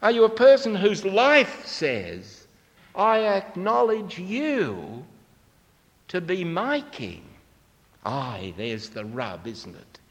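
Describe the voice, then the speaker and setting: A man's voice: sits high, wildly swooping pitch, takes it slowly, in a large hall. A man preaching a sermon, asking the congregation rhetorical questions.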